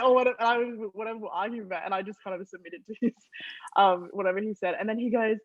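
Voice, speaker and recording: A young woman from Australia, a guest on an interview podcast, telling family stories in an animated way and laughing often. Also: on the high side, very fast, no echo, highs cut off. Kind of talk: casual storytelling interview.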